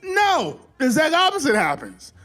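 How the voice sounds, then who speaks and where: A man giving a casual, animated movie recap, swearing freely and acting out the scenes as he goes. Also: very high voice, normal speed, faint music behind. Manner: animated, profane, acts out scenes. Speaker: film reviewer.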